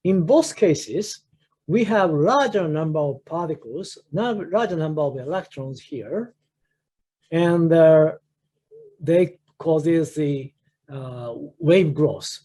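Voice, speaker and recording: Older man, Japanese accent, academic lecture, fairly high voice, mellow tone, halting with many fillers. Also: expressive. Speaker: professor giving a research seminar.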